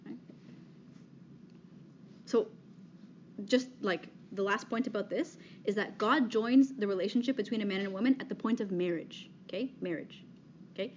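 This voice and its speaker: A woman's voice: medium pitch, normal speed, pauses often. A woman in her thirties giving a talk to an audience, direct and conversational, checking in with "okay?" after nearly every point. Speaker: speaker giving a talk on dating. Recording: slightly dull, faint background noise.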